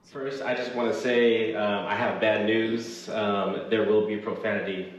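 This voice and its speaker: Brief: male author, dramatic live reading, slow and lively, distant echoey hall. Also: on the low side, slight background noise. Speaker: author reading his own novel. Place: event venue with audience. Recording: echoey room from far off.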